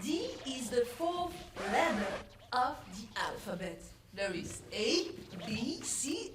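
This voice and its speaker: Eine Frau, die mit trockenem Witz langsam und belehrend Unsinn erklärt, aufgenommen in einem halligen Raum mit fernem Mikrofon und Musik dahinter. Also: female voice, sits high, roomy sound, far from the mic. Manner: slow mock-explaining. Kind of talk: deadpan absurd comedy.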